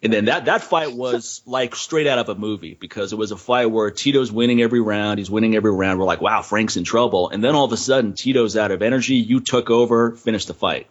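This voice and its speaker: A man's voice: lowish voice, quick pace, few pauses. A man hosting a podcast interview, laughing along with his guest and recapping old stories. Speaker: podcast host. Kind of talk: casual interview chat. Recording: dull lo-fi podcast audio.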